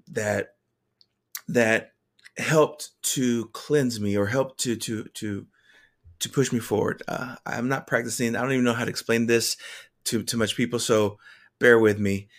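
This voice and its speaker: A man telling a personal faith testimony in an earnest, halting way, often restarting his sentences. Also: medium pitch.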